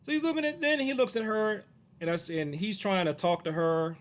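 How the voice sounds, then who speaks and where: A man's voice: high-pitched, fairly quick. A martial arts teacher telling a personal story to camera in a casual way, acting out the other people's voices as he goes.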